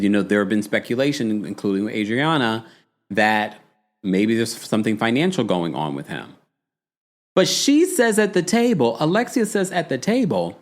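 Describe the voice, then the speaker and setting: Sassy guy gossiping thru a reality show recap, animated, mid-pitched voice. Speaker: host. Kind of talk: casual reality-TV recap livestream.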